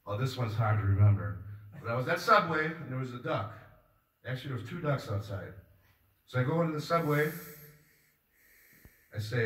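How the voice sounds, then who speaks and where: A man doing a stand-up comedy set on a club stage, rambling in a deadpan way with many filler pauses. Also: mid-range voice. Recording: roomy, distant mic with faint ambience.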